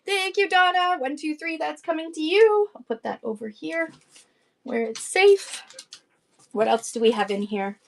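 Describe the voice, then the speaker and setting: A woman's voice: sits high, animated, unhurried, gravelly. A woman from Canada hosting a casual live-stream auction, chatty and rambling, greeting viewers by name. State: out of breath.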